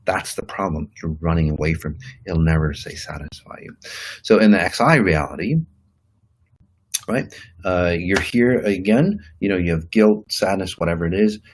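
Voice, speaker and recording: A man's voice: low voice, moderate pace, slight background noise, poor audio. A man giving a rambling motivational talk as a self-help teacher, with many fillers and restarts, acting out quoted inner voices. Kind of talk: motivational talk to an online audience.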